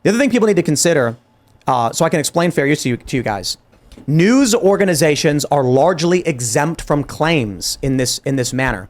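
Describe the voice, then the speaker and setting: Male talk host, 30s, higher register, heated and animated, stumbles and restarts a lot. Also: brisk. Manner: animated, exasperated, frequent restarts and quoted dialogue. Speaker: podcast host. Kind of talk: heated political commentary.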